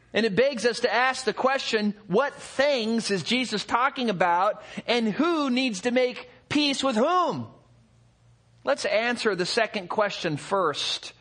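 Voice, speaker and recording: A man preaching a sermon as pastor, expressive, rising to excited peaks and dropping to hushed low passages.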